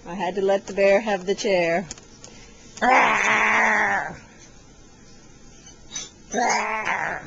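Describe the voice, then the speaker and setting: A woman at home talking playfully to a toddler in animated, sing-song baby talk, recorded on a handheld camcorder. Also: medium pitch. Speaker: caregiver filming a toddler. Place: at home, indoors. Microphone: handheld camcorder mic. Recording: home video with clear background noise.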